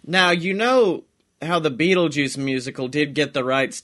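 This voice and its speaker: A man's voice: fairly high pitch, normal speed, fairly bright tone. A man co-hosting a comedy podcast in casual chat, joking, swearing and laughing often. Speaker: podcast co-host.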